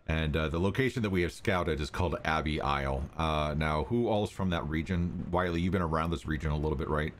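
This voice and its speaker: A man runs a tabletop adventure with an extremely deep voice. He narrates loosely, with frequent ums and uhs, and a faint hiss sits under him. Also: a little fast, hardly any pauses. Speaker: game master.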